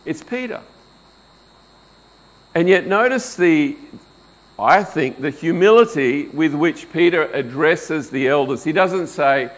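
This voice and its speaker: A middle-aged man preaching a sermon, unhurried and deliberate, asking his listeners questions and answering them. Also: on the high side, lively intonation, low-quality recording. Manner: slow, deliberate, rhetorical questions. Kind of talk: expository sermon.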